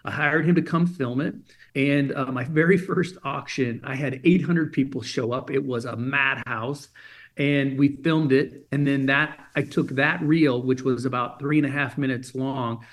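A German man appearing as an interview guest on a podcast tells a story energetically, acting out the voices of the people involved. His voice is mid-range and his speed normal.

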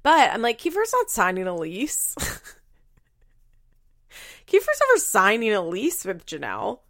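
A woman's voice: mid-range voice, wildly swooping pitch, measured pace, a bit bright, no echo, clean studio sound. A woman recapping a reality show in casual chat, blunt and profane, often laughing.

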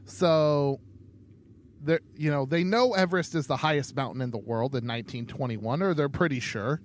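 A man co-hosting a casual podcast, talking in a halting way with many ums and restarts. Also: a little high, a little hiss or hum. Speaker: podcast co-host.

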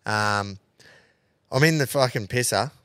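Swearing Australian bloke with a smooth voice. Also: male voice, medium pitch, a little slow, a bit bright, no room sound, clean studio sound. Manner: crude, swearing, laughs often. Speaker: podcast host. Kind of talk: casual pub-style banter.

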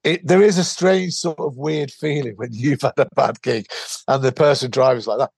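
A man hosting a comedy podcast with a gravelly, raspy voice whose pitch rises and falls a lot. He rambles through reflective asides full of fillers. The sound is dry and close. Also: expressive, normal speed, no room sound. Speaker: podcast host. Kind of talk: casual podcast chat.

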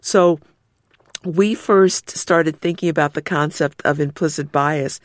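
Woman attorney as guest, animated storyteller, dry close sound. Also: unhurried, dry recording. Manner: expressive storyteller, acts out quotes with big pitch jumps. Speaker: civil rights lawyer, interview guest. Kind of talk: candid conversational interview.

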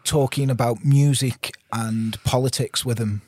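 A man's voice: medium pitch, fairly even intonation, a little slow, a little mellow, dry recording, clean studio sound. A man, a podcast guest, chatting casually and rambling through crude anecdotes on a podcast mic. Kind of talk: casual chat.

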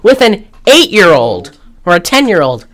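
A woman co-hosting a podcast recaps a movie in casual chat, her mid-range voice sing-song and at normal speed. Her retelling is loose and rambling, packed with fillers.

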